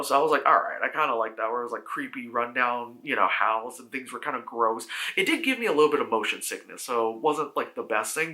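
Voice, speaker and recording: In an offhand spoken review of a film, a man meanders along, swearing and leaning heavily on "like." He voices the characters with sudden shouts pitched high.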